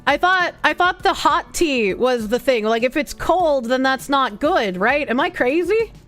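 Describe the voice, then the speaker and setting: Young boston woman streaming, high voice, swears a lot, snarky rambly reaction talk. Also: animated, measured pace, fairly bright tone, faint music behind. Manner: crude, sarcastic, rambling. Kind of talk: live reaction commentary.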